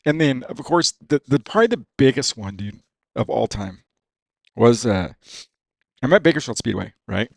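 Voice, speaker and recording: A man's voice: mid-range voice, very animated, moderate pace, vocal fry, dry recording. A man talking as a guest on a podcast, casual and profane, saying "dude" all the time. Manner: profane, says "dude" constantly. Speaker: racing driver guest. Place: podcast studio.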